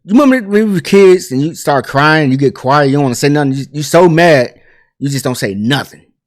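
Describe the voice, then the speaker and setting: A man hosting a pop culture commentary channel, telling a story in a chatty, animated way full of asides and fillers. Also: fairly high pitch, brisk, dry recording, studio quality. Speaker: host.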